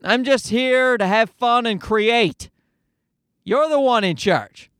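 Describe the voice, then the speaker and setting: A man's voice: extremely high pitch, slow pace, a bit bright, clean tone, dry recording, studio quality, voice pushed up, heavily acted. A man doing a whiny pet dog. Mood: laid-back. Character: male pet dog, fretful about being in charge.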